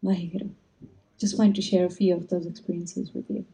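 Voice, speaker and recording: A woman spiritual teacher giving an inspirational talk, telling stories in a gentle, reflective way. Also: fairly low pitch, little pitch movement, brisk, creaky, poor audio.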